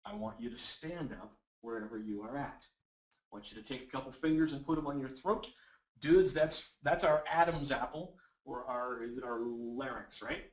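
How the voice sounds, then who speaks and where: A man presenting a live webinar, teaching voice exercises with energetic, encouraging talk and reading out audience comments. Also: medium pitch, moderate pace. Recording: roomy echoey webinar audio.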